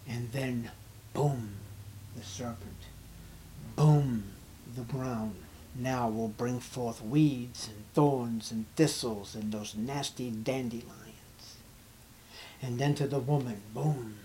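Dramatic, slow-talking male preacher. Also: a little high, fairly even intonation, slight background noise. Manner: dramatic swings from loud scripture reading to hushed emphasis. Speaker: pastor. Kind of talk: sermon.

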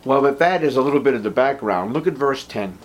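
A pastor preaching a sermon, earnest and emphatic, rising in pitch and force on key points. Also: male voice, expressive, fast talker, slight background noise.

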